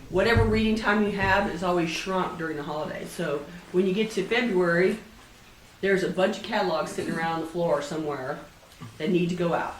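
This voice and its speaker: A woman with a cold giving a casual presentation to a meetup group, chatty and forever asking the room "right?". She is heard from a little way off in an echoey room. A faint hum of room noise sits behind her. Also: medium pitch. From Texas. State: has a cold. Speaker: professional organizer giving a talk. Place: meeting room with an audience. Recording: echoey room, mic at a distance.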